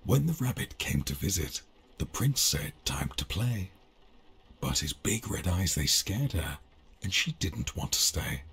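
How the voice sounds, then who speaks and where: An actor voicing an ominous male storybook narrator in a game, reading in a deep, breathy, whispery way. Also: very animated, a little slow, a bit bright, exaggerated voice.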